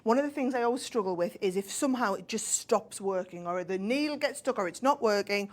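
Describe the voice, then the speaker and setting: With a medium-pitched, animated voice, this northern English woman talks a little fast. As a crafting guest expert she chats through a sewing demonstration one step at a time, often asking "right?"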